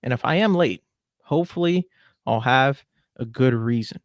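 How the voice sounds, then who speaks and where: A man's voice: medium pitch, expressive, moderate pace, no room sound, studio quality. A man in his twenties hosting a podcast, giving a chatty, opinionated rant in a casual style. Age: 20s. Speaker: podcast host.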